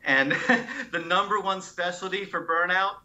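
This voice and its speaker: A man who is an oncologist, speaking as a guest in a conversational interview, telling stories in an animated, expressive way. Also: high voice, measured pace, muffled recording. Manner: animated, expressive storyteller who acts out sounds and quotes.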